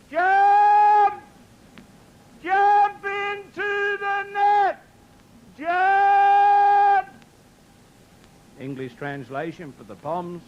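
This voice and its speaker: A man's voice: on the high side, dull audio, slight background noise. An Australian man doing live stand-up, telling jokes and laughing at his own punchlines. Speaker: stand-up comedian.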